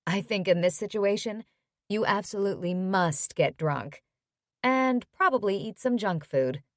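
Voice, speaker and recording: A woman reading a gentle, caring friend. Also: mid-range voice, a little slow, no room sound, studio quality, lightly acted. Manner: gentle, calm, reassuring.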